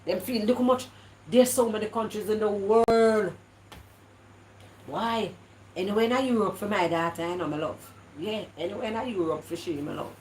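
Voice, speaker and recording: A woman's voice: mid-range voice, moderate pace, a little mellow, reverberant, slight background noise, low-quality recording. A Jamaican woman from Jamaica chatting casually to her live viewers, slipping into patois and often stumbling over and repeating her words. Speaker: vlogger. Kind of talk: casual live-stream chat.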